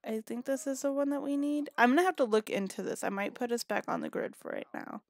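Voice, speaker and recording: A woman's voice: high-pitched, fast talker, no echo. A woman giving casual gameplay commentary, chatty and scolding her characters, a little sniffly and yawning. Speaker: gaming video creator.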